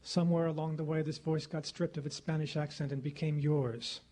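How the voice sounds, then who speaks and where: A middle-aged man giving a formal public lecture at a podium microphone in a lecture hall, speaking in a measured, rhetorical way and repeating phrases for effect. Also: a little high, level tone, dark tone. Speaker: guest lecturer.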